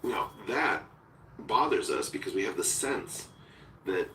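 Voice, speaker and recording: Man, very low voice, deliberate and searching, roomy far-off sound, faint hiss. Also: lively intonation, fairly bright tone. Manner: deliberate, searching, with technical terms. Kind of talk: philosophical conversation.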